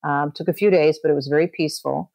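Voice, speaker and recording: A woman's voice: deep voice, fairly even intonation, fast talker, gravelly, darkish tone, dry recording. A middle-aged woman, a podcast guest, telling a personal story in conversation, with frequent restarts. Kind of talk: conversational interview testimony.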